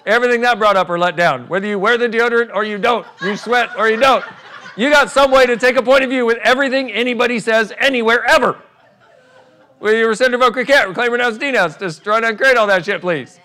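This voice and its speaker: A man's voice: sits high, fast, pushed and bright. A man leading a live workshop for an audience, irreverent and playful, joking, swearing and laughing as he talks. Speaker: workshop facilitator.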